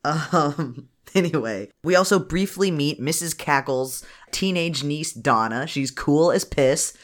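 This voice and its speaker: A lively podcast co-host recapping a movie in loose, profane banter, often slipping into quick character voices. The pitch swings widely and animatedly through every sentence, keeping the telling playful. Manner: lively, joking, swears freely, acts out characters' lines. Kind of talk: casual movie recap chat.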